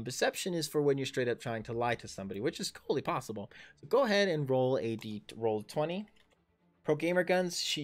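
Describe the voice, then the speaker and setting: A man in his thirties running a tabletop game as dungeon master, talking in a halting way with many fillers and restarts. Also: medium pitch. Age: 30s. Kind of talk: narrating a tabletop game livestream.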